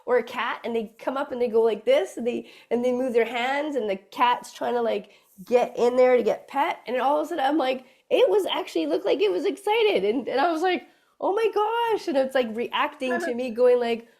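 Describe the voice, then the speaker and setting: Slightly high woman telling a lively anecdote. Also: brisk, hardly any pauses. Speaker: co-host. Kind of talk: casual storytelling chat.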